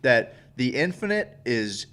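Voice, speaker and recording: A young man co-hosting a relaxed talk show, speaking at a middle pitch. He thinks aloud in a reflective, halting way and drops in the occasional swear. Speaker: podcast co-host. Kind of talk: casual chat.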